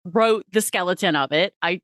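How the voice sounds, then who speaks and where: A woman's voice: lowish voice, normal speed, a bit bright, no echo, studio quality. Chatty woman podcast host. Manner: chatty, laughs often. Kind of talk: casual podcast chat.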